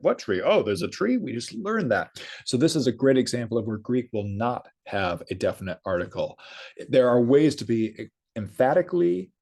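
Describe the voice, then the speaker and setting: A middle-aged man giving a recorded Greek lesson, reading the text slowly and then explaining it briskly. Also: mid-range voice, warm tone, slightly rough. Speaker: Greek instructor.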